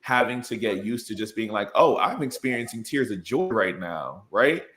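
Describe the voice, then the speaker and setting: A man's voice: on the low side, animated, normal speed, a bit bright. A man in his twenties, an educator and podcast guest, talking in an earnest, reflective way and laughing easily. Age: 20s. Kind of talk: casual conversation.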